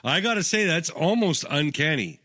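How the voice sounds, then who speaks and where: Male comedy radio host, raised pitch, crisp and teasing, dry studio mic. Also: very animated, normal speed, bright, forceful tone, no room sound. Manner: teasing, pushy interviewer.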